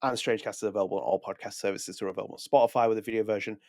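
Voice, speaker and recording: A man's voice: fairly low pitch, fairly even intonation, very fast, vocal fry, darkish tone, dry recording, clean studio sound. Chatty man hosting a podcast. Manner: chatty, self-correcting, reads press text aloud. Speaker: podcast host. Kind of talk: casual podcast chat.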